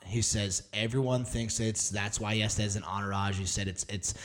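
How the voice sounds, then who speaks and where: A man's voice: fairly low pitch, fairly even intonation, brisk, few pauses, fairly bright tone. A man co-hosting a casual podcast, telling long, rambling stories full of swearing and acted-out quotes. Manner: rambling, profane storyteller, acts out quotes. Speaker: podcast co-host. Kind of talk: casual chat, storytelling.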